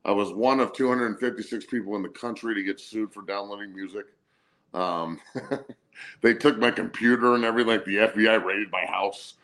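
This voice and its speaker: A man's voice: fairly low pitch, fairly even intonation, normal speed, a bit bright. A man in his forties co-hosting a casual sports talk show, laid-back and profane, laughing through his stories. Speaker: co-host, former college athlete. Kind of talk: casual storytelling chat.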